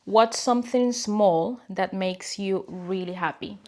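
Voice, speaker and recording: Speaking slowly in a medium pitch with a Spanish accent, a young woman responds to her viewers' questions on camera. She's a vlogger and native Spanish speaker from a small tropical country. Her answers come casually and hesitantly, dotted with fillers and gentle laughter.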